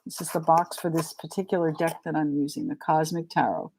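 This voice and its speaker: A woman's voice: low voice, fairly even intonation, brisk, darkish tone. A middle-aged woman with a New England accent giving a live tarot reading in a chatty, frank and joking way. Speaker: tarot reader.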